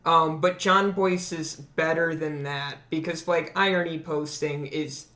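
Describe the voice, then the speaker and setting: A podcast co-host in casual chat, making dry jokes at an unhurried pace. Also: mid-range voice, fairly even intonation, sharp tone.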